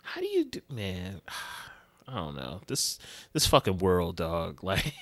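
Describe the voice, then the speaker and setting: A man's voice: deep voice, wildly swooping pitch, slow, fairly bright tone, no echo. A man co-hosting a podcast, rambling through stories in loose, profane street slang. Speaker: podcast co-host. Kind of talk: casual podcast chat.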